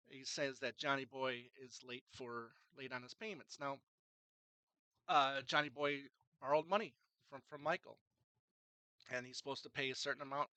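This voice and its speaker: A man's voice: a little high, bright, forceful tone, clear, resonant tone, dry recording, low-quality recording. A man casually reviewing a film, retelling its scenes in a rambling way with many fillers and restarts.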